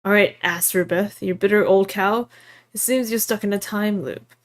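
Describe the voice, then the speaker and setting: A woman voicing a bitter, suspicious old woman in a visual novel, sharp-tongued and quick to curse. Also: mid-range voice, fairly even intonation, lightly acted. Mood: puzzling. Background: game music.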